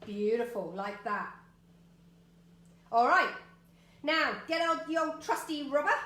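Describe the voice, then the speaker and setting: Chatty high-voiced woman teaching art. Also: a bit bright, roomy sound, slight background noise. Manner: chatty, encouraging, greets viewers by name. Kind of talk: live-streamed step-by-step drawing lesson. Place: home art studio.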